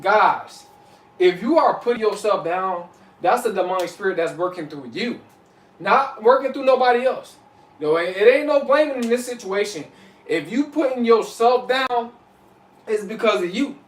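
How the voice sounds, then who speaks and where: A man with a high voice giving casual, preachy advice to his viewers and calling them y'all. He circles back to his points and keeps checking in with his listeners. He sits a little back from the mic, and the room adds a hollow echo. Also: lively intonation, normal speed, far from the mic. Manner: preachy, repeats "you know what I'm saying", addresses viewers as y'all. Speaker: vlogger. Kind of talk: casual motivational talk to camera.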